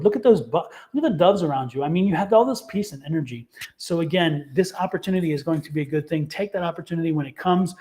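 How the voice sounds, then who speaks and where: A man's voice: a little high, fast talker, dark tone. A man doing a livestream tarot reading, talking enthusiastically in a rambling way and laughing often. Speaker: tarot reader.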